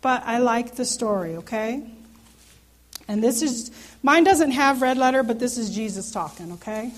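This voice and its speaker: A woman's voice: a little high, expressive, moderate pace. Earnest woman teaching scripture. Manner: earnest, conversational, asks listeners questions. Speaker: Bible study teacher. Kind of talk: informal sermon teaching. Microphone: handheld microphone.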